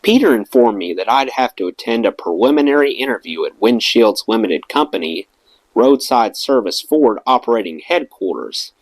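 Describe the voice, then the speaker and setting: Expressive man reading a memoir. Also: medium pitch, brisk, few pauses, no echo. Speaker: audiobook reader.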